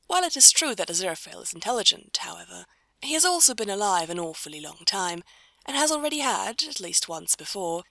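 A woman reads a story aloud with a wry, measured delivery. Her low voice carries a gravelly edge and a bright, forward tone. The sound is dry and close. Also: no room sound. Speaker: narrator. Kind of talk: storybook reading.

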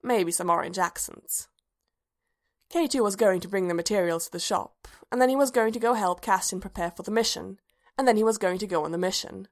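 A woman's voice: medium pitch, quick pace, hardly any pauses. Woman reading a story aloud. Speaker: reader. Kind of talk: storybook narration.

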